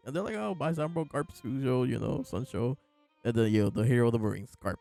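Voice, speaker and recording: Laid-back rambling man, gravelly voice. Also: medium pitch, quick pace, mellow, faint music behind. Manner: laid-back, rambling, lots of fillers and laughs. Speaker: podcast host reviewing a manga chapter. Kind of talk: casual chat.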